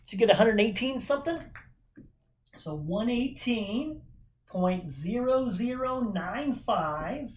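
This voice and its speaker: This chemistry teacher has a high voice with lively intonation, speaking in an unhurried way with few pauses. The informal recorded lesson is upbeat and chatty, and he often checks in using rhetorical questions.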